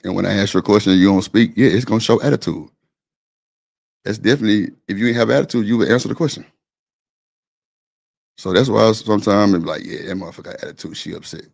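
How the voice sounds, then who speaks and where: A man's voice: on the low side, fast talker, gravelly, pauses often, darkish tone. A man hosting a casual live-stream panel, talking in a blunt, defensive, slangy way.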